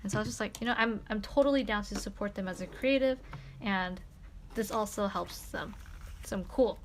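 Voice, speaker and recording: A young woman streamer telling a story in casual chat, animated and full of fillers like "like" and "you know". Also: mid-range voice, fairly quick, slight background noise.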